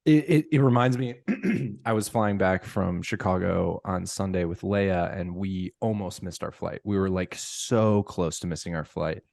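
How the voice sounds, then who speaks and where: A man with a deep, low voice co-hosting a casual podcast, recorded dry and close in a studio. He tells his stories with energy and jumps into acted-out dialogue. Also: unhurried, gravelly, few pauses, dry recording. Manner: animated storyteller who acts out dialogue. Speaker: podcast co-host.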